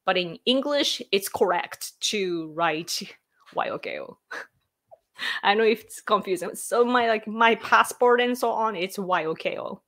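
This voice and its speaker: Slow, giggly woman with a Japanese accent. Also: mid-range voice, fairly bright tone. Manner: chatty, giggly, filler-heavy, reads out comments. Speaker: livestream host. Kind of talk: casual livestream chat with viewers. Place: room at home.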